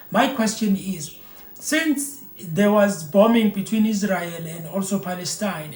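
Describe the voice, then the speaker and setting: Emphatic South African man, echoey room. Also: high-pitched. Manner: emphatic, repeats phrases for emphasis, restarts often. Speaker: vlogger reacting to news. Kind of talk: opinionated commentary to camera. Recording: roomy echo.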